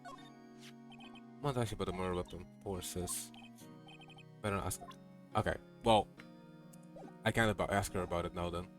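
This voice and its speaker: A man's voice: deep voice, fairly even intonation, moderate pace, long pauses, music in the background. A man streaming a game, making casual commentary full of wry, joking asides. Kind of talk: casual let's-play commentary.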